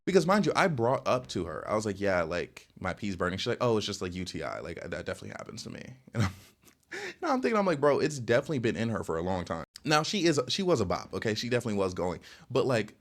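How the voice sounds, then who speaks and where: Fast, rambling young man telling stories. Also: sing-song. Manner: rambling, lots of filler "like" and "bro", jumps in pitch. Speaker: storytelling vlogger. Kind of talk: casual storytime rant.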